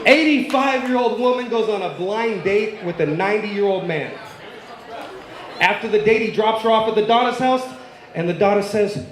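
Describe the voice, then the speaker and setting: High-voiced stand-up comic in an echoey room. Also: male voice. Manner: rapid-fire punchline delivery, ribbing the audience. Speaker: stand-up comedian. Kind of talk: stand-up joke telling.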